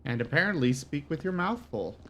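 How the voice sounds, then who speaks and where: Lively, bright-voiced teasing man. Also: on the high side, a little fast, slight background noise. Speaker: gamer. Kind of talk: casual co-op gameplay chat.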